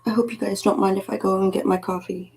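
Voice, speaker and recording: A woman's voice: medium pitch, flat delivery, quick pace, darkish tone, soft background music, rough recording. A woman hosting a live stream, chatting casually in a rambling, playful, self-deprecating way. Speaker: livestream host.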